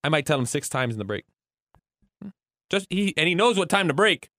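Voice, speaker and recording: A man co-hosting a sports radio show, animated and playfully complaining on a studio mic. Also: fairly high pitch, brisk, dry recording. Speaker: radio co-host and executive producer. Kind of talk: casual sports radio chat.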